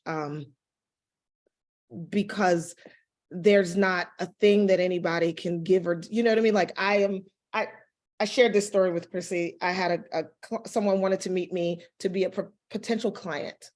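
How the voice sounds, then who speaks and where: Halting woman panelist telling anecdotes. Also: on the low side, steady tone, a little mellow. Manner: halting, restarts often, personal anecdotes. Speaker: crisis communications consultant, panelist. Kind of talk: panel discussion.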